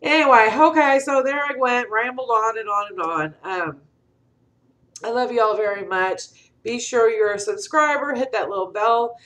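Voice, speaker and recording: A woman's voice: fairly high pitch, moderate pace. A middle-aged woman vlogging in casual chat to camera, telling stories and acting out what people said. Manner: animated storyteller acting out quotes.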